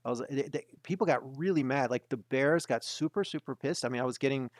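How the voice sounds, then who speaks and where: A man's voice: mid-range voice, fast talker, no echo, studio quality. A man hosting a market webinar, talking emphatically and repeating his points to drive them home. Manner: emphatic, repetitive, insistent.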